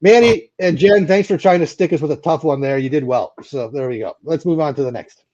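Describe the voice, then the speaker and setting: A man's voice: on the high side, fairly quick, dark tone, highs cut off. A man co-hosting a casual livestream chat, joking and laughing often. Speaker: co-host.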